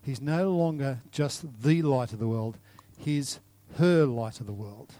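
A man's voice: medium pitch, measured pace, dry recording. A male pastor preaching and praying in a church service, with an earnest, repetitive cadence that builds to fervent declarations. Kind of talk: sermon and closing prayer. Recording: loud guitar music behind. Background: guitar music.

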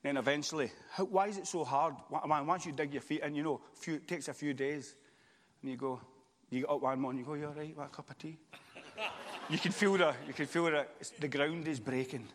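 Male preacher, high-pitched, long hall reverb, loud then hushed. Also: a little fast, slight background noise. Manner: swings from loud impassioned shouting to quiet confiding storytelling. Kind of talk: sermon. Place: church.

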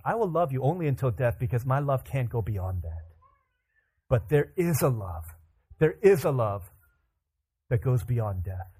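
A man preaching a sermon, animated, acting out the voices in the scripture with casual asides. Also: medium pitch, normal speed, husky.

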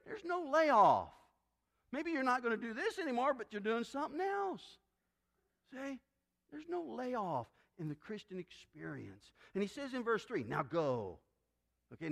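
Man preaching a sermon, kinda high voice, swings up and down a lot, does little voices for people. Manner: animated preaching, acts out quoted voices. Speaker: pastor.

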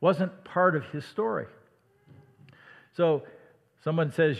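A man from Iowa with a slight Midwestern accent, preaching a sermon in a conversational way that sometimes drops to a hush. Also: on the high side, slow pace, creaky, pauses often. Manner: conversational, dramatic dips to a hush. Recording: long hall reverb.

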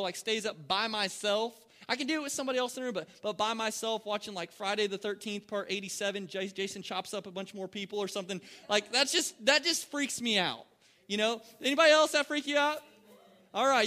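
A pastor preaching a sermon, joking and talking straight to the congregation. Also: male voice, high voice. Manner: animated, joking, talks to the congregation.

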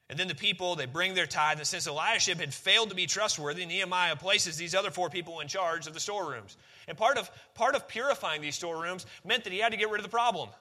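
A man's voice: high-pitched, sharp tone. A man preaching a sermon, conversational and emphatic, often repeating key phrases. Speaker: pastor.

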